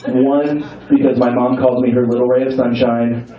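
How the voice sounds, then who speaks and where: A man's voice: medium pitch, little pitch movement, normal speed, far from the mic. Young male comic riffing with a crowd. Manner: playful, crowd-teasing, swears freely. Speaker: stand-up comedian. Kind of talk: stand-up comedy set. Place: comedy club. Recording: roomy club sound from afar, dull. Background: audience laughter.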